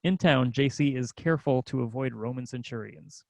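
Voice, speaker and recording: A man's voice: medium pitch, moderate pace, creaky, darkish tone, no echo. A man narrating screenplay stage directions in a matter-of-fact way.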